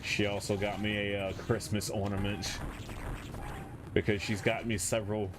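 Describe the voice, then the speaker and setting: A man's voice: fairly low pitch, flat delivery, moderate pace. A man streaming a game, chatting in a rambling, self-mocking way from his room at home. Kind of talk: casual chat while playing. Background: game music.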